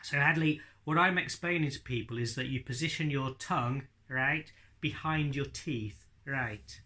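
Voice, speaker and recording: A man's voice: mid-range voice, normal speed, few pauses, pushed and bright. A man teaching ventriloquism, bantering patiently and playfully with his puppet. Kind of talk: comic ventriloquism lesson with a puppet.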